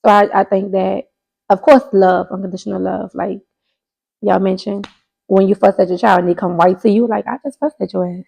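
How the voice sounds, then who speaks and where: A woman, co-hosting a podcast. Her voice has a gravelly, fried texture. She talks candidly and with emphasis, often in quick bursts. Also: medium pitch, level tone, warm tone, dull audio. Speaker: podcast co-host. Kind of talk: casual chat.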